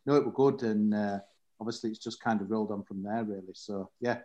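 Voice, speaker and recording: A man's voice: lowish voice, fairly quick, mellow. A man chatting casually as a podcast guest, rambling a little with tag questions and loose fillers. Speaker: guest, football fan. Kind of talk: casual chat.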